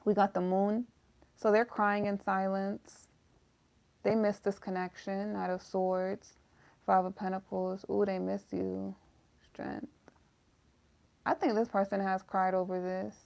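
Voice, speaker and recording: Woman, tarot reader, heavy vocal fry, casual, emotional, mid pitch. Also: little pitch movement, a little slow, long pauses, a little mellow. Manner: emotional, talks straight to viewers as "y'all", swears.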